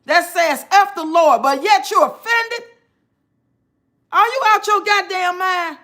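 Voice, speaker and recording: A woman's voice: extremely high pitch, takes it slowly, sharp tone. A woman giving blunt, profane reaction commentary, talking to her live chat. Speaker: commentary streamer.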